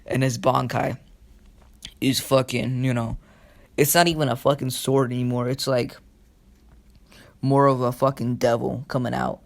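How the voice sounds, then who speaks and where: A young man retells a story in a loose, rambling way, full of fillers and casual swearing. His pitch sits in a middle register and stays fairly flat. It sounds like an offhand fan story told on the fly. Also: measured pace, creaky, pauses often.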